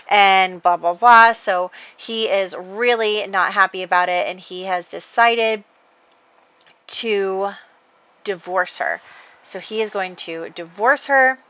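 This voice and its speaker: A woman's voice: medium pitch, a little slow, sharp tone, clear, resonant tone, dry recording, lo-fi sound. A woman casually telling the story of her life-sim game, chatty and full of fillers. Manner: chatty, heavy on fillers like "you know" and "like". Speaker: let's play host.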